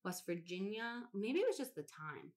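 A woman's voice: medium pitch, very animated, normal speed, darkish tone. A woman co-hosting a casual podcast, reading a long list aloud, swearing now and then and laughing at odd names. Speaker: podcast co-host.

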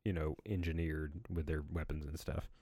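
A man's voice: extremely low pitch, steady tone, dark tone, no room sound, clean studio sound. A man co-hosting a podcast, chiming in casually with jokes and short interjections. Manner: joking, quick interjections. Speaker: podcast co-host. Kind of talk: casual chat.

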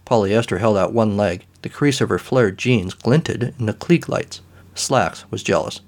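A man narrating a comic story in a dry, deadpan manner. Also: fairly low pitch, measured pace.

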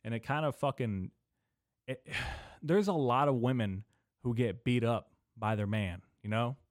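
A young man hosting a casual solo podcast, rambling and swearing, drifting between mumbled asides and loud venting into a desk microphone. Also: medium pitch, unhurried, no room sound, clean studio sound. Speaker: podcast host. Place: small indoor room.

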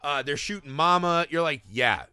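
Bright, excitable man reviewing a film. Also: a little high, smooth, no echo, clean studio sound. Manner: excited, profane, acts out scenes in quick bursts. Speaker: podcast co-host. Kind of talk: casual film review chat.

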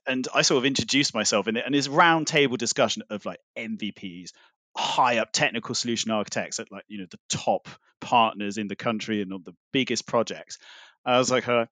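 A man's voice: medium pitch, brisk, sharp tone, dry recording. Man, guest, rambling chatty storyteller, dry room. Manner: rambling storyteller, many fillers. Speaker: podcast guest. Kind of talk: casual chat.

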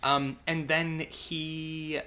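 A man co-hosting a podcast, recapping a horror movie in a casual, sarcastic and profane way, with lively asides. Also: on the high side, very slow, clean tone. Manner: animated, profane, sarcastic recapping with acted-out quotes. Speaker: podcast co-host.

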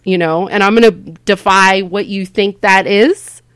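A woman stand-up comedian from Southern California rambles through stories as a podcast guest in animated, casual interview chat. Her voice is medium-pitched, smooth and unhurried, with no echo.

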